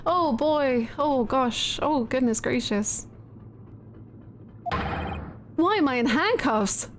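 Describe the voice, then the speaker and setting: A woman's voice: high voice, animated, slow pace, a little hiss or hum. Woman reading a flustered young man in handcuffs. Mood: confused. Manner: flustered, anxious.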